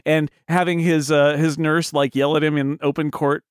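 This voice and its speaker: A man co-hosting a casual film podcast, rambling and animated with many restarts and mock-indignant humor. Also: a little high, normal speed, clean tone, dry recording, clean studio sound. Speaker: podcast co-host.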